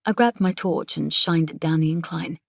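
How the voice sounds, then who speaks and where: A woman reading a novel aloud in measured, intimate first-person narration on a close studio mic. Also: deep voice, creaky, no room sound. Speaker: audiobook narrator.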